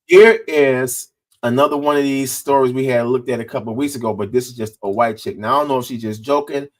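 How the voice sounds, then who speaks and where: A man's voice: medium pitch, fast. A Black man hosting a casual podcast, blunt and profane in his talk. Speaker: host.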